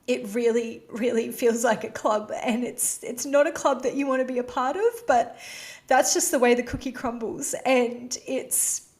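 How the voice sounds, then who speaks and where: A woman's voice: on the high side, moderate pace, a little mellow. A woman hosting her own podcast, talking candidly and emotionally in a casual, heartfelt way, with "you know" and "like" scattered through her speech. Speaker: podcast host. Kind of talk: personal confessional podcast talk.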